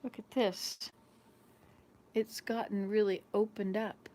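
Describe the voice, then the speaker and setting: A woman's voice: medium pitch, level tone, slow pace, warm tone. A woman in her fifties hosting a vlog, telling rambling home stories to a small camera with frequent laughter. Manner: rambling, chatty storyteller who laughs often. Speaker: vlog host. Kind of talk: casual chat to camera.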